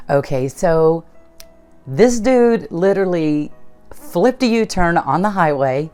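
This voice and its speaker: A woman's voice: lowish voice, expressive, measured pace, mellow, faint music behind. A woman host telling a personal story in a conversational way, recounting events and acting out what people said. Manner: conversational, retells events with quoted dialogue. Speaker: channel host.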